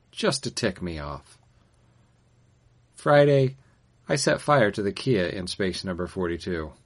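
A man reading a short story aloud in a dry, deadpan way. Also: on the low side.

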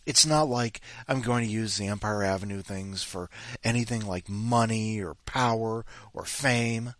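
A man's voice: mid-range voice, no room sound. A man hosting a podcast, rambling casually with sighs and mocking voices. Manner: animated, sighing, mocking voices. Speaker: podcast host.

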